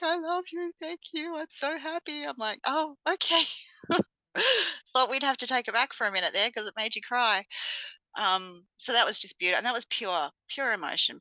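Bright-voiced woman telling stories. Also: low voice, no room sound, lo-fi sound. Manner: animated storyteller, acts out voices with laughs. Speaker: podcast co-host. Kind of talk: casual chat.

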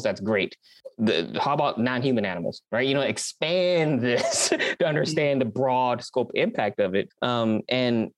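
A man with a lowish voice hosts a podcast discussion, talking earnestly and emphatically and often checking in with "right?" The conversational recording has no echo.

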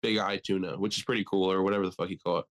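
A man's voice: low voice, fairly even intonation, rapid-fire. A young man co-hosting a podcast in casual chat, crude and jokey, rambling, with mocking asides. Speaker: podcast co-host.

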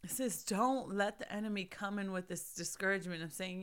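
Young woman, podcast host, earnest faith encouragement, bright voice, smooth tone. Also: medium pitch, fairly even intonation, fairly quick, few pauses. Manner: earnest, preachy, urges the listener. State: recovering from losing her voice.

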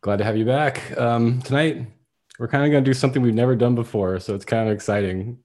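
A man hosting a podcast in relaxed, casual chat. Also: medium pitch, quick pace. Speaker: podcast host.

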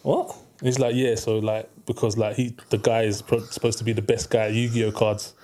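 A man's voice: on the low side, fairly quick. A young man telling a story in casual podcast chat, acting out the voices of the people in it and often laughing. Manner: animated storyteller, acts out voices, breaks into laughter. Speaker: podcast co-host.

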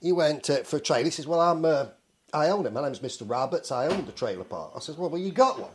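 English man swearing through a lively anecdote. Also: a little high, fast, slight background noise. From England. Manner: swears constantly, acts out the people in his story. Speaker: storyteller. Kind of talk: casual anecdote.

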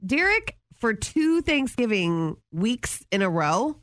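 Woman, radio co-host, animated pitch, playful quick comebacks, dry close sound. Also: no echo. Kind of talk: casual morning-show banter.

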